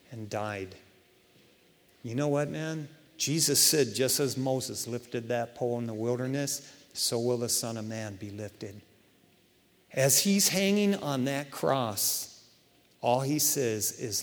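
A man preaching a sermon in a conversational, animated way, asking his listeners question after question. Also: mid-range voice, a little slow. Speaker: pastor. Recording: long hall reverb.

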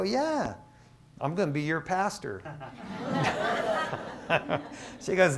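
A middle-aged man from Michigan, an associate pastor, preaching a sermon in a casual, storytelling way with lively asides. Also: a little high, extremely slow, pauses often, background noise. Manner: conversational, animated storytelling with asides.

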